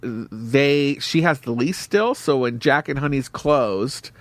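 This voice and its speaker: A man's voice: mid-range voice, slow, dry recording. A man co-hosting a podcast, chatting casually and telling rambling, enthusiastic stories. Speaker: podcast co-host. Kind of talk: casual chat.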